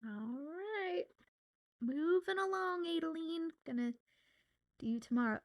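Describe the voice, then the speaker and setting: A woman from Southwest Louisiana chatting casually on a livestream while signing autographs, giggling often and filling pauses with "um" and "uh.". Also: very high voice, lively intonation. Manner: chatty and giggly, with many fillers. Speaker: voice actor signing autographs on stream.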